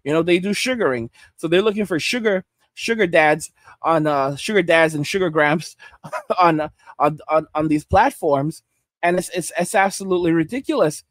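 A man with a high-pitched voice rambles through podcast commentary, circling back and repeating himself as he goes. The sound is dry and close, with no room around him. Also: normal speed, no echo. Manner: rambling and repetitive, restarts phrases; slangy, addresses listeners as bro and guys. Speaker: podcast host.

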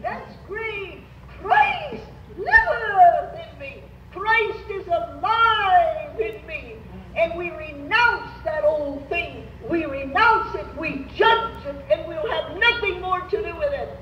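An older woman preaches in a high, melodic voice that rises and falls widely, taking her time over each phrase. She urges the congregation to repeat after her. The recording is distant and roomy with a faint hiss. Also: fairly bright tone. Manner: emphatic, urging the congregation to repeat phrases aloud. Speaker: Pentecostal Bible teacher. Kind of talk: sermon. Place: church meeting. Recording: roomy church hall, recorded from afar, faint noise.

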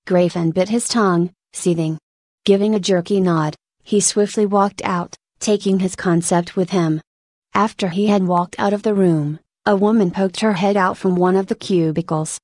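A woman narrating a short story in a steady, even reading voice. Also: mid-range voice, moderate pace, no room sound, studio quality.

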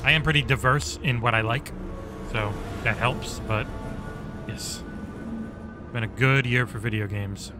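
A man's voice: mid-range voice, a little slow, long pauses, music in the background. A man casually chatting and cursing while streaming a video game. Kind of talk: casual gameplay commentary.

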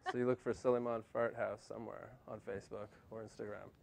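A man's voice: on the low side, brisk, creaky. Man doing a self-mocking stand-up set. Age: 30s. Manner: deadpan, self-mocking punchlines with put-on quoted voices. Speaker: stand-up comedian. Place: TV studio stage with audience.

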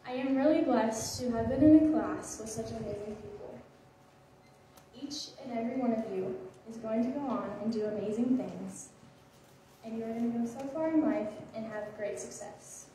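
A teenage girl delivers an earnest, slightly nervous graduation speech. Her fairly high, mellow voice is picked up from a distance in a very echoey hall, with faint room noise behind. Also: normal speed. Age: late teens. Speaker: graduating student. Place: school ceremony hall.

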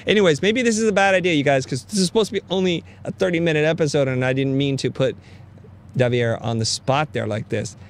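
A man's voice: fairly high pitch, quick pace, a little hiss or hum. Upbeat joking male show host. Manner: upbeat and joking, teasing his guests. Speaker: host of a design critique show. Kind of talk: casual live-stream hosting.

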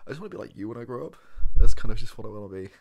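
Man playing a starstruck fanboy, loud gushing, husky gravelly voice, whispered role-play. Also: lowish voice, voice pushed down. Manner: fast, breathless gushing. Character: starstruck young male fan, giddy.

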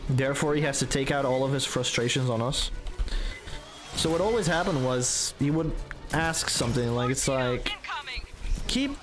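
A man's voice: medium pitch, normal speed. Young guy gaming and ranting, swears constantly, rambling, faint music behind. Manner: profane, rambling storytelling. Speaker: gaming streamer. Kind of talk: casual gameplay commentary.

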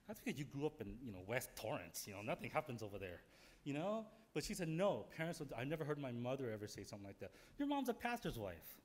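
A male pastor preaching a candid, story-driven sermon that swings from quiet asides to loud outbursts. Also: mid-range voice, very animated, fast talker.

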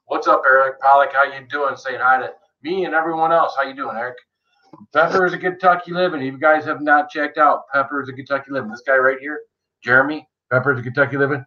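A man's voice: medium pitch, fairly even intonation, fast, highs cut off. A man hosting a casual livestream, greeting viewers by name in a chatty, joking way. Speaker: livestream host. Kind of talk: casual live-chat greetings.

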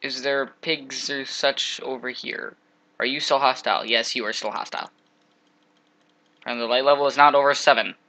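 A young man giving casual, jokey commentary while playing a game, trash-talking monsters with sudden loud outbursts. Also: mid-range voice, fairly even intonation, normal speed, poor audio. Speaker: gameplay commentator.

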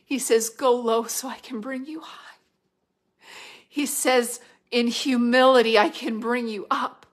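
Prophetic minister, woman, middle-aged, higher voice; fervent, builds to loud declarations, drops to a hush. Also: fairly even intonation, a little slow. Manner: fervent, rising to loud declarations and dropping to hushed whispers. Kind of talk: prophetic word delivered to listeners.

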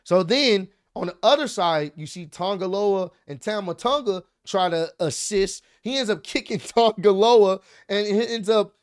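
A fairly high-voiced young man talks through a wrestling match as the host of his own show, getting more and more worked up as he tells it. He swears freely and drops into slang, and his voice sits dry and close with no room around it. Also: a little slow, few pauses, smooth, no room sound. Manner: excitable, animated play-by-play with swearing and slang. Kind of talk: casual wrestling recap.

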